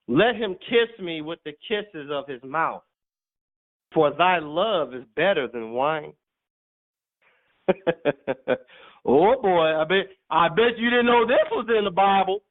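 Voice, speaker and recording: Emphatic high-voiced preacher, tinny sound. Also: male voice, animated, takes it slowly, pauses often. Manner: emphatic, teasing, laughs often. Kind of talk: sermon teaching. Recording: tinny phone-like audio.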